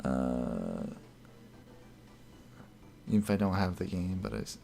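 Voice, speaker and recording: A man's voice: low-pitched, very animated, measured pace, vocal fry, dark tone, soft background music. A man streaming live, chatting casually and reading out viewer comments, rambling and correcting himself. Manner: rambling, self-correcting, chuckles often.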